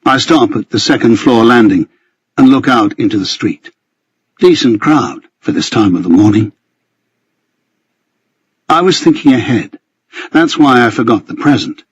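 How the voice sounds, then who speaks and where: A man with a husky voice narrating a first-person novel in a measured storytelling manner. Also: medium pitch, animated, dry recording, lo-fi sound. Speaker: audiobook narrator.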